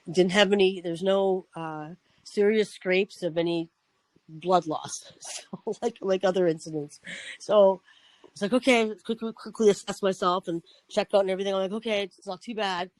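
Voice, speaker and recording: A man's voice: high-pitched, no echo, low-quality recording. Rambling man telling a story, dry. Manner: rambling, restarts, swears freely. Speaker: podcast host. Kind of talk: casual storytelling monologue.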